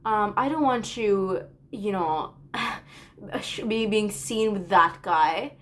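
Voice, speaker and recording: A woman's voice: mid-range voice, slow pace, a bit bright. A woman voicing shame as a possessive, controlling boyfriend. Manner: bossy, possessive.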